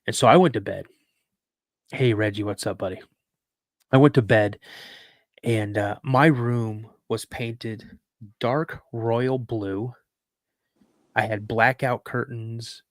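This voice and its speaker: A man telling an emotional personal story in an earnest, halting way, full of restarts as he fights back tears. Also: mid-range voice, fairly even intonation, no room sound, studio quality.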